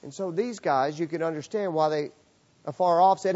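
A man preaching a sermon to a congregation, lively and acting out the voices of the people in his story. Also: fairly high pitch, normal speed. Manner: animated, acts out voices of characters. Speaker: pastor. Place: church.

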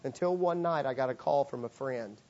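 A man's voice: mid-range voice, moderate pace, a little mellow, dull audio. A man preaching a sermon, earnest and emphatic, repeating key phrases for weight. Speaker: pastor.

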